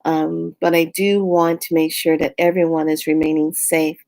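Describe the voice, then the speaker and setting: A woman playing a caring governor who speaks slowly and soothingly to her citizens. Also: low voice, level tone, gravelly, a little mellow, dry recording. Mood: reassuring. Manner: slow, soothing, reassuring.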